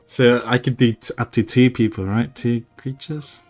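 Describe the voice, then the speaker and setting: A man's voice: medium pitch, fairly even intonation, moderate pace, darkish tone, soft background music. A man playing a tabletop game, speaking hesitantly with many fillers and frequent giggles. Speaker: player. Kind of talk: casual tabletop play.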